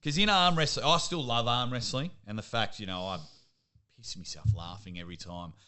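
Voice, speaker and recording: A young Australian man, a sports commentator, chatting casually as a podcast guest and telling lively stories. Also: mid-range voice, fairly quick, clean tone. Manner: lively storyteller, laughs at himself. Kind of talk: casual interview chat.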